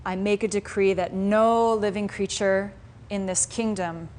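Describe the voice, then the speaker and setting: A woman's voice: mid-range voice, fairly even intonation, unhurried, darkish tone, close to an everyday voice. A woman voicing a generous, noble male king in a told fable, speaking earnestly. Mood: solemn. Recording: faint room noise in a live class.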